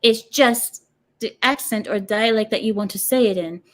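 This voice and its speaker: A woman's voice: mid-range voice, normal speed. A woman hosting a casual stream, reacting to clips and chat and arguing her points through rhetorical questions with frequent laughter.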